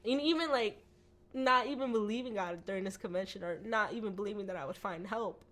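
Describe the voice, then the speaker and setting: A woman telling her personal faith testimony as a podcast guest, animated, acting out quoted voices, with lots of "like" and "you know.". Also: mid-range voice, a little fast. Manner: frequent "like" and "you know" fillers.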